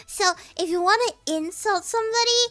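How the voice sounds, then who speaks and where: A woman's voice: very high voice, normal speed, bright, forceful tone, faint music behind. A woman streamer explaining slang in a casual, giggly, rambling way, often restarting her sentences.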